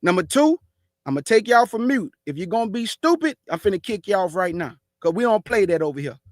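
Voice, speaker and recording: A man with a Houston, Texas accent hosts a religious talk show with forceful, aggressive passion. His voice sits high for a man. It sounds close and dry. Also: sing-song, brisk, no echo. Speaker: show host.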